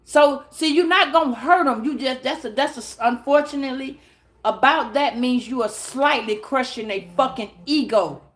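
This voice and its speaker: A high-voiced woman talks straight into her phone. She gives tarot advice bluntly and with plenty of swearing. She keeps breaking into acted-out little scenes. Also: normal speed. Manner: blunt, profane, animated, acts out little scenes. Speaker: tarot reader. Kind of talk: casual advice monologue.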